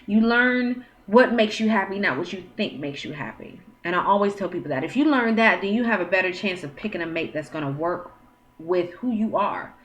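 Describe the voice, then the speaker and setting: A woman in her thirties talks straight to camera at home, giving dating advice. Her voice sits at an ordinary middle pitch. She is frank and chatty, acting out conversations and firing off blunt questions. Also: lively intonation, fairly quick, fairly bright tone. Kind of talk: casual advice monologue. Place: at home, with her child nearby.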